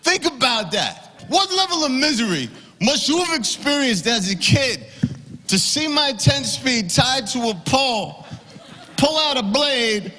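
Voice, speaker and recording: A man doing a stand-up comedy set on stage, ranting and swearing, and getting loud on his punchlines. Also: very high voice, animated, a little slow, big-room sound. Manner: ranting, profane, rising to shouts on punchlines.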